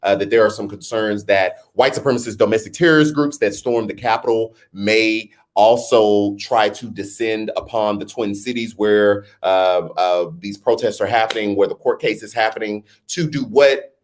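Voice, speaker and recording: A man's voice: lowish voice, steady tone, moderate pace. Chatty man hosting a live stream. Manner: chatty, talks straight to viewers, laughs at himself; jokingly puts on a newscaster voice. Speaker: host. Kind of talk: casual live-stream chat.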